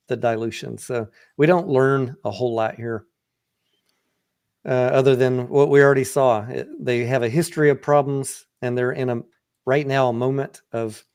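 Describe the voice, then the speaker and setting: A man's voice: medium pitch, darkish tone, clear, resonant tone. A man hosting a casual livestream and walking through a company's financials in a blunt, profane, conversational way. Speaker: livestream host and stock trader.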